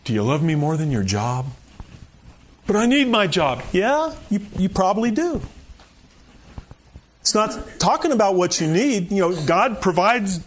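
A man's voice: high-pitched, sing-song, a little slow, long pauses, a little hiss or hum. A man preaching a sermon in a conversational, folksy way, often saying "you know" and chuckling. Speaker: pastor.

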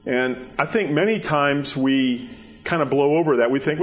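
A man preaching a sermon in a conversational way, repeating words and rising in pitch for emphasis. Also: moderate pace. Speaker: pastor. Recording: dull lo-fi recording.

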